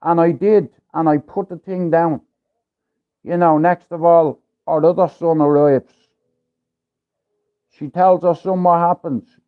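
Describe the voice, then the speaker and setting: A man's voice: fairly high pitch, steady tone, takes it slowly, pauses often, smooth. Blunt Irish-born man on tinny livestream. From Ireland. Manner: blunt, swearing, streetwise storyteller. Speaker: livestream host. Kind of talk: casual storytelling on a livestream. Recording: tinny phone-like livestream audio.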